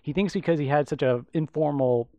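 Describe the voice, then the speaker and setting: A man's voice: on the high side, a little fast, warm tone, no echo, muffled recording. Man, podcast co-host, casual film chat, lots of ums and restarts, dry close sound. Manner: rambling with many fillers and restarts.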